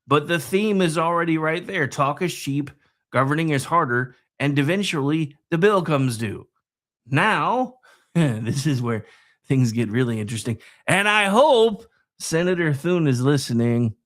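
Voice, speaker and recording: A man hosting a political talk show, delivering a sarcastic, digressive commentary monologue that swings between loud and soft. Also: fairly high pitch, lively intonation, measured pace.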